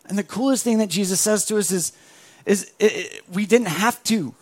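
A young adult man preaching a sermon with a gravelly voice, animated, acting out other voices as he tells the story. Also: high voice, normal speed. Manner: animated, acts out voices of biblical figures. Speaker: pastor.

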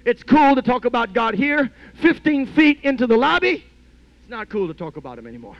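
A man preaching a sermon as a story, talking conversationally with lots of "you know", and swinging between hushed and loud passages. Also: very high-pitched, very animated, fairly quick, no room sound. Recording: dull lo-fi podcast audio.

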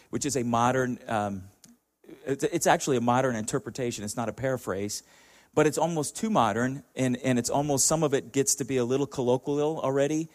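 Chuckling middle-aged man chatting to a congregation. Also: medium pitch. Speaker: church speaker. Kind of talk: casual talk to a congregation.

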